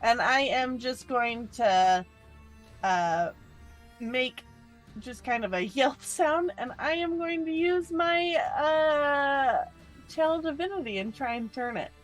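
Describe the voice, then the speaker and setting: Slow-talking woman at a tabletop game, a bit high, lots of ums, faint music behind. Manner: hesitant, with many fillers while describing her actions. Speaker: player. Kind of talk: casual tabletop game play.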